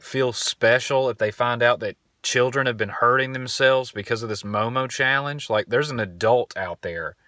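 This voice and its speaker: A young man hosts a podcast, telling stories in a laid-back, rambling monologue and swearing casually. His mid-range voice is bright and forceful, and the recording is dry and studio quality.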